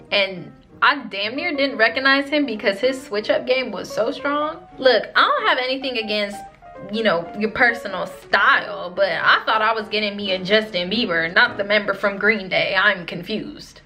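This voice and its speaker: Young woman vlogger, slangy storytime, bright voice, faint music behind. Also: medium pitch. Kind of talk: storytime vlog.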